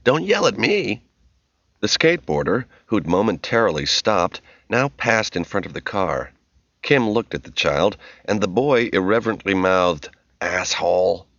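Man narrating audiobook, very deep voice, dry, dull muffled audio. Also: no echo. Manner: measured storytelling, expressive. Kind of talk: scripted narration.

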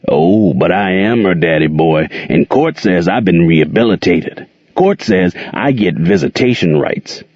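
A cold, smug man growls in a very low, gravelly voice, as a narrator puts him on. The recording is dry and dull. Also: animated, a little slow, a little mellow, no echo. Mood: menacing.

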